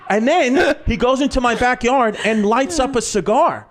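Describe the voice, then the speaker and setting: A man telling profane, animated comic stories on a podcast, often breaking into laughter. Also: very high voice, normal speed. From New York. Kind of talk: podcast storytelling.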